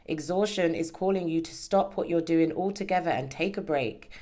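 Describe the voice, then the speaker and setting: A woman's voice: low voice, normal speed, warm tone. A woman giving a casual tarot reading, chatty and encouraging, often checking in with "okay?". She speaks into a microphone worn close to her hair. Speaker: tarot reader. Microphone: microphone worn near her hair.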